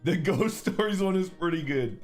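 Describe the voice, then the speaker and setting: A man's voice: high-pitched, expressive, normal speed, darkish tone, faint music behind. A man streaming under an orc persona, casually chatting with viewers, reading super chats, laid-back and profane, laughing often.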